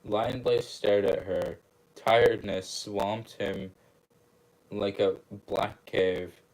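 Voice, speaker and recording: A young man reading a book aloud at a slow, unhurried pace, his voice sitting low. He often trips over words and corrects himself, then breaks off into amused asides. The feel is a casual read-along for an online channel. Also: fairly even intonation, a little mellow, low-quality recording. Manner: stumbling, self-correcting, laughing asides.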